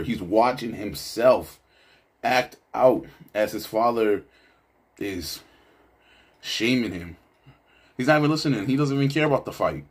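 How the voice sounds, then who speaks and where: A man's voice: lowish voice, slightly rough. A man giving casual, reflective commentary on a film, loose and full of asides. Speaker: video essayist.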